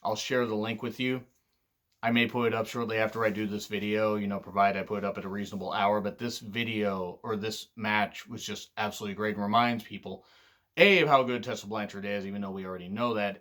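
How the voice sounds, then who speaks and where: A man casually talking through his favorite wrestling matches, candid and excitable, swearing freely. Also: lowish voice. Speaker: wrestling reviewer. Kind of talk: casual commentary vlog.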